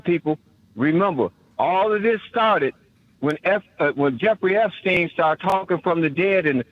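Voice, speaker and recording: A man's voice: on the high side, phone-quality sound. A man calling in to a radio talk show with an impassioned, preacherly monologue, often stammering and repeating words. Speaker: caller.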